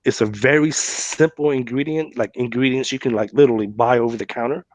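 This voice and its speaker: A man's voice: medium pitch, brisk, no echo. Chatty man hosting a podcast. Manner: chatty, with many fillers and "right?" tags. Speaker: podcast host. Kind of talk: casual podcast storytelling.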